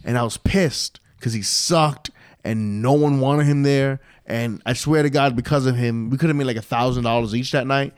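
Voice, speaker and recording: A young man spins a long, loose story for his podcast co-hosts, swearing often and circling back on himself. His voice sits at an ordinary middle pitch. The sound is dry and close, with no room around it. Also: normal speed, clear, resonant tone, no echo. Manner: rambling, profane, restarts and trails off. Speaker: podcast co-host. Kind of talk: casual storytelling chat.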